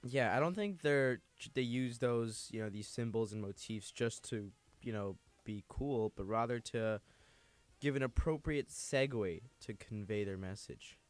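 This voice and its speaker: A young man on a student radio show who speaks in measured, wordy phrases. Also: medium pitch, no echo, soft background music. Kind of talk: casual panel discussion.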